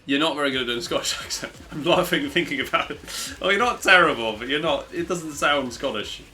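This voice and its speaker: Over gameplay audio and loud background music, a man speedrunning on a live stream rambles casually in a slightly high voice at a quick pace. He's self-mocking, reacts to chat and swears now and then.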